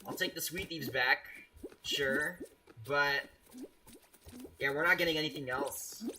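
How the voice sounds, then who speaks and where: Here a young man's voice sits a little high and moves a little slowly as he streams a game live. Casual and playful, he teases his viewers, keeps restarting his thoughts, and laughs at what chat says.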